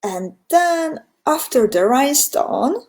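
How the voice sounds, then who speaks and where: Hungarian-accented woman, beading teacher on a live stream, slow and unhurried, chatty and step-by-step. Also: high-pitched, big pitch swings, darkish tone. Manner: chatty, reads viewer comments aloud, laughs often; step-by-step instruction. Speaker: beading instructor. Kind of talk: live-stream craft tutorial.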